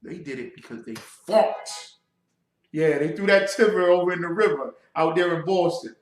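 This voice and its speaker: A man preaching a livestreamed sermon as a religious teacher, emphatic, building to shouts and calling out to his audience. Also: a little high, normal speed. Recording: roomy echo.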